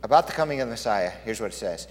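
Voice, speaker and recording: Booming preacher man in a reverberant hall. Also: animated, rapid-fire. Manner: swings from booming proclamation to hushed, low emphasis. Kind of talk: sermon.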